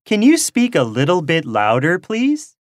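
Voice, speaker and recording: Slow, lively-voiced woman reading lesson drills. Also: sits low, no echo, studio quality. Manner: slow, careful, expressive reading of drill phrases. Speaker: English lesson reader. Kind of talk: slow, clearly read language-lesson phrases.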